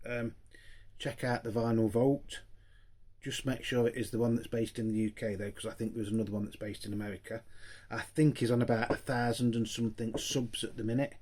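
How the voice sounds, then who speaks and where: Older male vlogger, mid pitch, emotional and grateful, lots of ums and repeated thanks. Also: a little mellow. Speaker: vinyl collector vlogger. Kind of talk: casual vlog to viewers.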